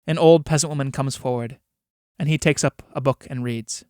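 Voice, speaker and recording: A man's voice: mid-range voice, moderate pace, mellow, smooth, no room sound, studio quality. A man reading the stage directions and speaker names of a play in a plain, announcing way. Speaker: reader of a play.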